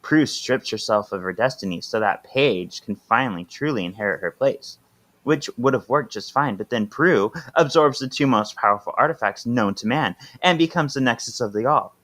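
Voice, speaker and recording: A man's voice: medium pitch, animated, normal speed, fairly bright tone. A man co-hosting a podcast, reading comic book dialogue aloud in a playful, sassy way and laughing often. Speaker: podcast co-host.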